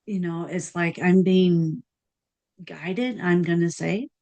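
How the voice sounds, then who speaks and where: A woman hosting a podcast, talking in an earnest, thoughtful way and pausing often as she thinks aloud. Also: fairly low pitch, gravelly, warm tone. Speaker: podcast host. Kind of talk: casual podcast conversation.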